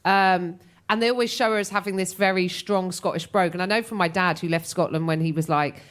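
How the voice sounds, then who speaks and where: A woman's voice: fairly low pitch, steady tone, brisk. A woman on a radio comedy panel telling chatty comic anecdotes. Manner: chatty anecdotes with playful accent impressions.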